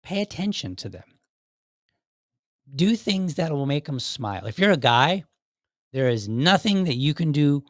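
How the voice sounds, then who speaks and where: A man's voice: mid-range voice, a bit bright, no echo, clean studio sound. An American man in his forties hosting a podcast, giving casual advice in a rambling, conversational way with frequent restarts. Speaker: podcast host.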